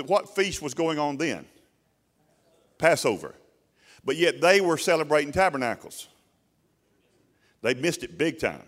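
A man's voice: fairly high pitch, sing-song, a little slow, pauses often, a bit bright. A middle-aged man, preaching a sermon in a folksy, colloquial way and asking his listeners questions. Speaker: pastor.

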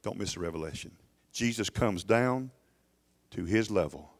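A man's voice: lowish voice, animated, normal speed. A middle-aged man preaches to his church in an emphatic, urging way. He stumbles and restarts often as he presses his point. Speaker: pastor. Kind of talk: sermon.

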